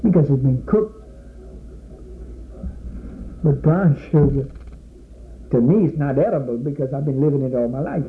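A man's voice: mid-range voice, moderate pace, pauses often, dark tone, slight background noise, rough recording. A man who farms sugar cane, answering interview questions in a plain-spoken way and often repeating words as he explains.

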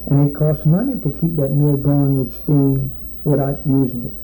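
A sugar cane farmer, a man with a gravelly, rough edge and a very dark, mellow tone, talks through his trade in a casual interview. He speaks plainly and stumbles into repeated words as he builds his point. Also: medium pitch, steady tone, normal speed, faint music behind, rough recording. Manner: plain-spoken, repeats words while explaining.

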